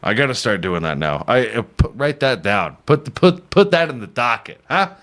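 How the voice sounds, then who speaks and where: A man's voice: medium pitch, very animated, normal speed, a bit bright. A man hosting a podcast, riffing casually and irreverently on news stories, swearing often and laughing at his own jokes. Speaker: podcast host.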